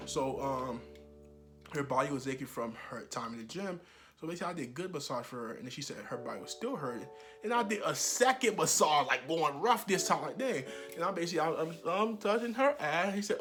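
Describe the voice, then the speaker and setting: Animated young man telling a story. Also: on the high side, a little fast. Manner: animated, laughing, loud outbursts. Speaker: vlogger. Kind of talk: casual storytime monologue. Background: background music.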